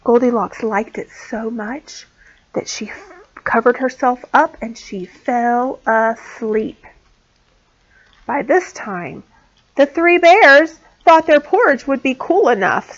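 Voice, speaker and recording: A woman teacher reading a storybook aloud to small children, clear and expressive. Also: fairly high pitch, slow. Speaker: pre-K teacher. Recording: dull lo-fi sound.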